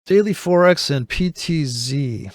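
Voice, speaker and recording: A man's voice: a little high, expressive, measured pace, dry recording. A man hosting a show, giving rambling, sarcastic, profane commentary while reacting to a video. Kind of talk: casual commentary.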